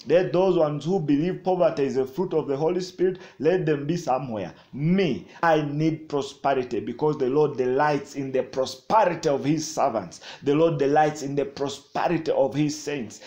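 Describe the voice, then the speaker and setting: A man preaching a sermon, swinging between loud declarations and quiet, chuckling asides. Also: a little high, moderate pace, hardly any pauses.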